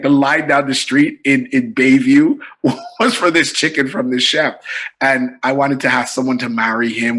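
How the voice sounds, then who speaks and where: A Canadian man guesting on a podcast, spinning comic stories in a lively, animated way and slipping into the voices of people he quotes. His tone is bright and forward, with a husky edge. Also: medium pitch, poor audio. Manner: animated storyteller, acts out quoted voices, repeats "you know what I mean". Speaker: comedian guest. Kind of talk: casual podcast storytelling.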